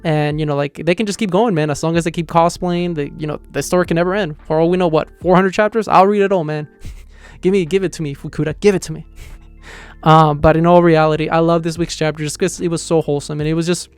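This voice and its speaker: A man's voice: fairly high pitch, fairly even intonation, fast, clean tone, dry recording, faint music behind. A young man casually reviewing a manga chapter, rambling with lots of fillers. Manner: rambling, heavy on fillers like "like" and "you know".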